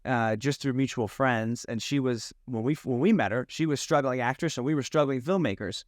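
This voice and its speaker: A man's voice: medium pitch, a little fast, dry recording, studio quality. A man, a film director, telling anecdotes in a casual interview and acting out the dialogue.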